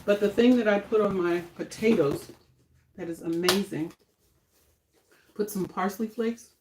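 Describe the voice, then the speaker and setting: A woman's voice: medium pitch, unhurried, noisy background. Chatty older woman in an echoey kitchen. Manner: chatty, homey, talks while eating. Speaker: vlogger cooking on a live stream. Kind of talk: casual live-stream chat. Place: home kitchen.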